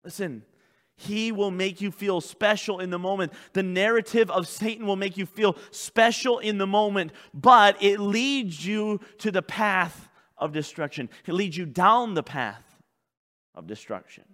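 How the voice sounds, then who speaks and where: A man preaching a sermon as pastor, swinging between loud urgent calls and hushed intense passages. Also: high-pitched, a little slow, in a large hall.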